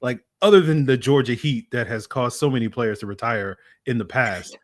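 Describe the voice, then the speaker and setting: Measured male podcast co-host with a mid-range voice and dry, close sound. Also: medium pitch, no echo. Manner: measured and thoughtful, with some fillers. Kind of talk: sports talk podcast.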